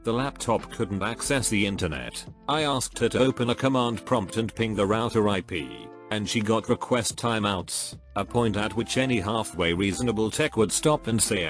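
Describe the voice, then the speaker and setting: A man reads online posts aloud as a scripted narration. His voice sits a little low, and his delivery is steady and even. Faint music plays beneath him. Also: normal speed.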